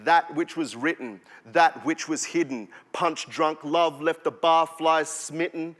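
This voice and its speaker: A young Australian man performing spoken-word poetry on stage, with a rhythmic, punchy delivery that swings between sudden drops and loud bursts. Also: fairly high pitch, measured pace. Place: performance hall. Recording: long hall reverb.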